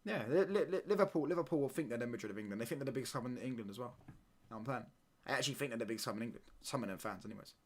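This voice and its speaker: Excitable slangy man streaming a football watchalong. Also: mid-range voice, very fast. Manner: excitable, slangy banter, reacting live to play. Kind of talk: live football watchalong commentary.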